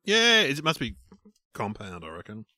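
A middle-aged man co-hosting a podcast in relaxed, joking chat about snacks and shows. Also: mid-range voice, moderate pace, dry recording. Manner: relaxed, laughing banter. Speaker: podcast co-host. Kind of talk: casual chat.

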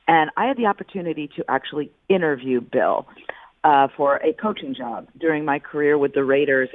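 A middle-aged woman, a football analyst calling in as a radio guest, speaking deliberately and repeating words for emphasis. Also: deep voice, no room sound. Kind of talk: sports radio phone interview. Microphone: phone. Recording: tinny phone line.

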